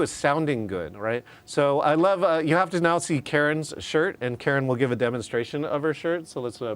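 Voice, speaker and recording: Man leading an online training class. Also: a little high. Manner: conversational, frequent "right?" check-ins. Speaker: virtual meeting trainer. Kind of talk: live online class presentation. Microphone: video call.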